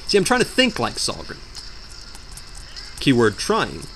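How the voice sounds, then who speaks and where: A man's voice: mid-range voice, huge pitch swings, unhurried, fairly bright tone, slight background noise. A young man doing let's play commentary while gaming, rambling and joking with melodramatic outbursts. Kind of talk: game commentary.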